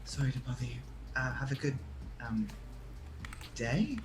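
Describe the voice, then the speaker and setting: A man voicing a timid male vampire who speaks quietly and hesitantly in a tabletop game. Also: medium pitch, very animated, moderate pace, slight background noise. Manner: hushed and hesitant. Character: timid male vampire peeking from his door.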